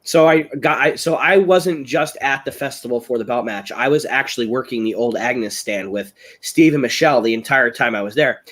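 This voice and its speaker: An American man recovering from illness, telling stories in a rambling, excitable way on a live video call. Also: mid-range voice, normal speed, few pauses. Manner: rambling, excitable storytelling, raises voice when recounting. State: ill, voice strained. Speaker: guest, chili-eating champion. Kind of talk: casual live-stream chat. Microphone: webcam on a live video call.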